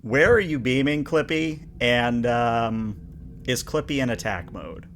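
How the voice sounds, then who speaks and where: Brief: male game master, mid pitch, playful narration, light hiss. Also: lively intonation, unhurried, fairly bright tone. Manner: playful, hams up voices.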